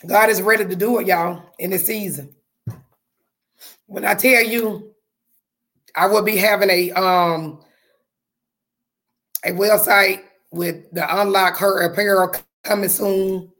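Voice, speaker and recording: A woman hosting a podcast, talking to her listeners with fervent, repetitive, preacher-like faith talk, her voice going hoarse. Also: mid-range voice, steady tone, slow pace, pauses often, fairly bright tone. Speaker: podcast host.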